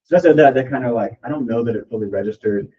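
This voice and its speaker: A man's voice: medium pitch, fast talker. A man leading a real estate team meeting, talking casually and rambling with lots of "like" as he encourages his team. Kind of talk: motivational talk at a team meeting. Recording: distant, dull lo-fi room recording.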